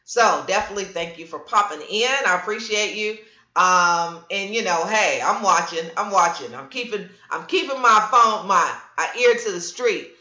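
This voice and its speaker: A woman's voice: mid-range voice, moderate pace. A middle-aged woman hosting a casual livestream, telling stories with lots of voices and answering viewer comments. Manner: animated storyteller, reads viewer comments aloud. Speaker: livestream host. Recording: roomy, dull lo-fi stream audio.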